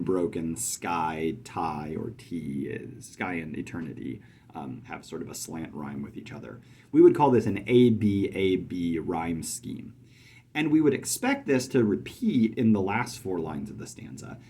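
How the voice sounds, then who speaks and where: Man, poetry teacher, deep husky voice, chats with ums and taps out meter. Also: animated, moderate pace, warm tone. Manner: thoughtful, many fillers, chants stress patterns. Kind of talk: video lesson.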